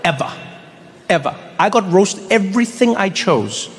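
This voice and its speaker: Animated male stand-up comedian. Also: high voice, a little slow. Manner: animated, stammering restarts for effect.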